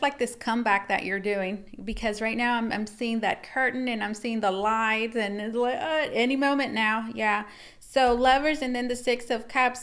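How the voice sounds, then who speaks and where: A woman's voice: fairly high pitch, fairly bright tone. A woman tarot reader talking casually to viewers, rambling and repeating herself as she reads the cards. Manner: rambling and repetitive, addressing viewers as guys. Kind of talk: casual tarot reading to camera.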